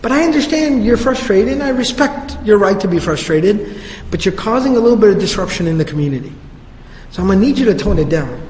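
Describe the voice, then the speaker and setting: Man playing a chill leader talking a friend down, highish voice, lots of hall echo. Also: very animated, fast talker, slight background noise. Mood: persuasive. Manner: reasoning, gently persuasive, casual slang. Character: calm, patient male community leader. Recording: reverberant hall.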